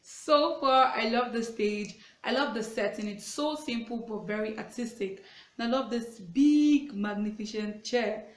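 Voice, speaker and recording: A woman's voice: fairly high pitch, unhurried, reverberant, faint music behind. Gushing woman hosting a reaction video. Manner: gushing, enthusiastic fan talk.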